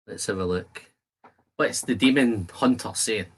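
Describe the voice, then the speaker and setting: In a lowish, husky and unhurried voice, a man hosts a casual whisky-tasting livestream from his home shed. He reads viewers' comments aloud and bantering with them in a jokey, chatty style.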